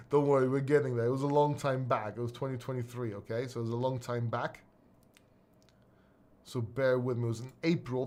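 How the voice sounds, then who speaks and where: A man's voice: medium pitch, a little mellow. A middle-aged man from Greece, a crypto video host, talking casually and bluntly, swearing and rambling with restarts. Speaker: crypto YouTuber. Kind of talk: casual solo video talk.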